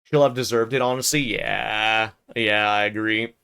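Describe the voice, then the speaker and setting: A man's voice: lowish voice, unhurried, smooth. A man streaming as he narrates a classic novel aloud, breaking off for casual, chatty asides to his chat. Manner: casual, chatty asides between even-paced reading.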